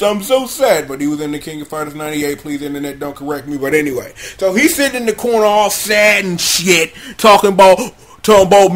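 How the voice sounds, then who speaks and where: A young man giving a casual comedic episode review, slangy, profane and animated. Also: high voice, fairly quick.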